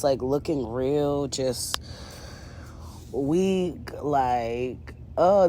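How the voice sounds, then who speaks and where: A woman's voice: extremely low pitch, dark tone, a little hiss or hum. A woman recapping a reality show in casual commentary, sassy and chatty with lots of fillers, talking to her viewers as girl and ladies.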